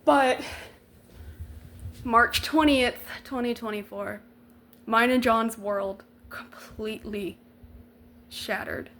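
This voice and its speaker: A woman's voice: on the high side, takes it slowly, long pauses, fairly bright tone. A young adult woman vlogger telling a personal story in a candid, emotional way, swearing freely and using slang and lots of likes.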